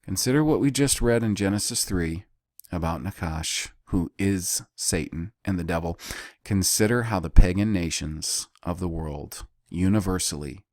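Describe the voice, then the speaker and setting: Deep-voiced guy teaching a bible study, slow and deliberate, repeats words, dry close sound. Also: darkish tone, no echo. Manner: deliberate, repeats key words, pauses and sighs.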